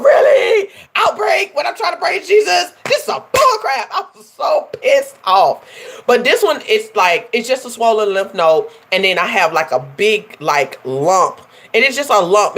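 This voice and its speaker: Lively, animated woman chatting. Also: medium pitch. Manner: animated, chatty, laughs often, addresses viewers as y'all. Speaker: life coach and livestream host. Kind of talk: casual livestream chat with viewers.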